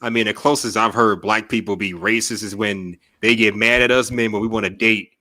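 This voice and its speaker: A man's voice: lowish voice, steady tone, fairly quick, sharp tone, dry recording. A man from Chicago, Illinois, giving his opinions earnestly in a casual group chat.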